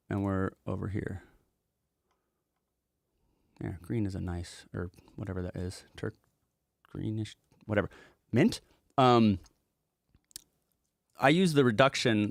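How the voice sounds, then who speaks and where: A rambling, casual man explains a mix as a music producer, swearing offhandedly. His voice sits on the low side and the sound is dry and close, with no room around it. He talks loosely and piles on fillers. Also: creaky, dry recording.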